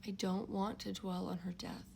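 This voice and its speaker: An older woman, a grandmother, telling a personal story to camera in an emotional, reflective way, often dropping into soft whispers. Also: mid-range voice, flat delivery, normal speed, gravelly, slight background noise. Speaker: vlogger.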